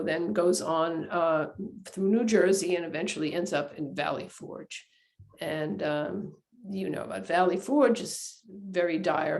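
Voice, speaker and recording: A woman author giving a book talk, telling a historical story in a chatty, animated way with many fillers and restarts. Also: mid-range voice, vocal fry. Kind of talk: informal storytelling lecture. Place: lecture hall.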